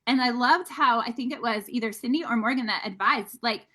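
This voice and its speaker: Upbeat high-voiced woman coaching her team. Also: a little fast. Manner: energetic, candid, addresses listeners as guys. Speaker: sales team leader. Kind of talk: motivational team training talk.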